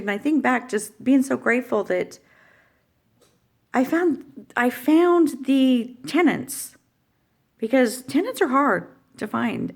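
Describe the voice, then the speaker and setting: A middle-aged woman telling a heartfelt personal story in a vlog, rambling and emotional, with many fillers and restarts. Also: sits high. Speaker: vlogger.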